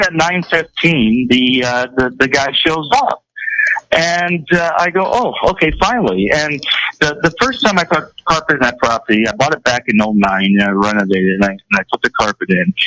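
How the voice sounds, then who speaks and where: An older man co-hosting a radio talk show, telling a long rambling story in a casual, animated way. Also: mid-range voice, rough recording. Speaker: radio co-host.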